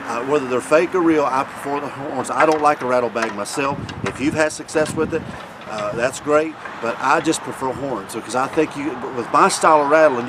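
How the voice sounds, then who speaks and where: A man giving a casual hunting demonstration in a folksy, repetitive way. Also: medium pitch. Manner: folksy, repeats himself, pauses to demonstrate. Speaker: hunting video host. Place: outdoors. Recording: loud background noise outdoors.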